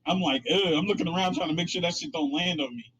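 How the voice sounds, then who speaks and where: A man's voice: a little high, fast talker, a bit bright, a little hiss or hum. A man playing a tabletop game casually, talking bluntly and cursing often. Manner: blunt and profane. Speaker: player. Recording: dull lo-fi sound.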